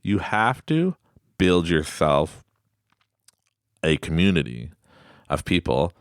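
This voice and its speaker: A man's voice: sits low, takes it slowly, clean tone, no echo, studio quality. A man in his late thirties hosting a motivational self-help talk, telling stories and acting out the voices he quotes. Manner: animated storytelling, acts out quoted voices. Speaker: podcast host.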